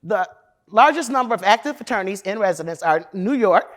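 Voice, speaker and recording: A loud, opinionated woman from Chicago gives a frank, profane talk at a conference. She is a defense lawyer with an emphatic delivery and a mid-range voice, and she addresses the audience directly. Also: medium pitch, expressive, brisk. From Chicago, USA. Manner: talks straight to the audience.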